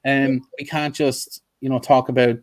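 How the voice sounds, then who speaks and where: A man's voice: medium pitch, level tone, moderate pace. A man hosting a casual interview over a video call, talking earnestly with many ums and restarts. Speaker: host.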